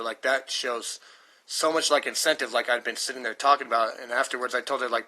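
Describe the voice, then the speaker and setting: An American man in his thirties rambles casually to his stream, swearing often, stressing his points, and thinking aloud. His mid-range voice is bright, forceful, and steady in tone, he talks fast, his throat sounds dry, and the audio is poor.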